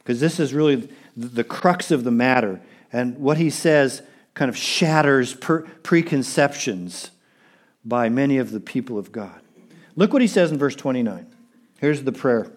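A man's voice: mid-range voice, lively intonation, moderate pace. Man preaching an emphatic sermon. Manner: emphatic, repeats phrases for stress, addresses the congregation directly. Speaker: pastor.

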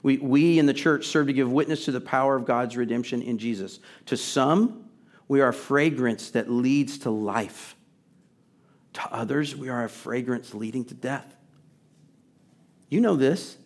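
A man's voice: mid-range voice, unhurried. A middle-aged man preaching a sermon in a conversational way, building to emphatic, rising questions. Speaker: pastor.

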